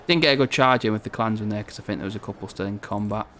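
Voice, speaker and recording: A man's voice: fairly low pitch, racing, fairly bright tone, slight background noise. A man from northern England giving rambling, chatty commentary on a strategy game, swearing casually as he plays. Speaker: gaming video host.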